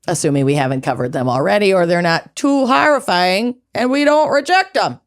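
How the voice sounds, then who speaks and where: A woman's voice: fairly low pitch, expressive, fairly quick. Bubbly woman co-hosting a podcast. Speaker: podcast co-host. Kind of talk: casual chat.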